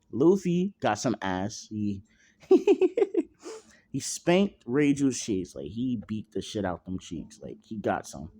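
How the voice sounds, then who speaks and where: A man's voice: fairly low pitch, dark tone. A young man narrating a fan-made story at home in a casual, rambling way, full of fillers and slang and freely swearing.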